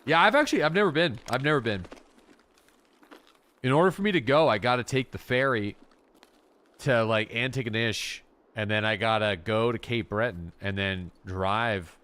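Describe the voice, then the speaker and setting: A man from Atlantic Canada, chatting casually and swearing freely while he streams a game. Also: medium pitch. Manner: animated, swearing, quick to laugh. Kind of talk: casual livestream chat while gaming.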